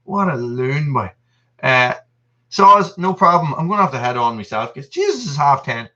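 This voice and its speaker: A man in his thirties hosting a live stream, talking in loose, rambling chat and answering viewers as he goes. His voice is bright and forceful. The sound is dull and lo-fi. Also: mid-range voice, sing-song, normal speed. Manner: rambling and chatty, reading out viewer messages. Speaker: channel host.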